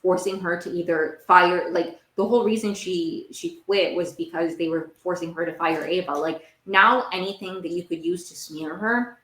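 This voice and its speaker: A woman's voice: lowish voice, normal speed, hardly any pauses, a bit bright. Rambling young woman, roomy echo. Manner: rambling and emphatic, heavy use of "like", repeats phrases. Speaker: podcast host. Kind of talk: casual TV recap monologue.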